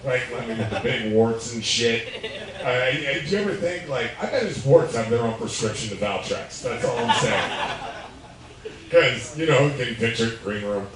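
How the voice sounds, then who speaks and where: A male stand-up comedian performs a crude, profane live set on a bar stage while a little drunk, laughing at his own jokes. His mid-range voice is expressive and moves at a normal speed. The audio is echoey and picked up by a distant mic, with crowd noise around him.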